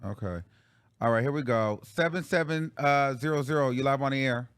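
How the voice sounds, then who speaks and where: A man's voice: medium pitch, brisk, fairly bright tone, clear, resonant tone, faint music behind. A man hosting a livestream, talking casually and bluntly to his viewers with plenty of profanity. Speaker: livestream show host.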